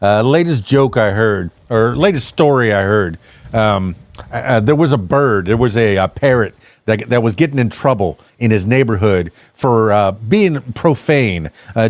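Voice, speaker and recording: A podcast host with a mid-range voice chats casually with no room sound. His talk rambles and halts, full of restarts.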